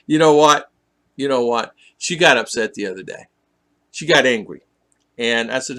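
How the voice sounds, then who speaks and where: A man's voice: mid-range voice, expressive, moderate pace, a bit bright. A man hosting a casual live stream, reading viewers' comments aloud and teasing them in a chatty way. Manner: teasing, chatty, laughs often.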